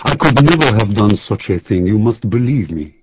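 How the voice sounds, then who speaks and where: A man's voice: on the low side, animated, moderate pace, slightly rough, dry recording, lo-fi sound. A man voicing a scruffy, intense Frenchman accused of murder, speaking with a French accent in a pleading, overly polite way. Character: scruffy, intense French widower under suspicion.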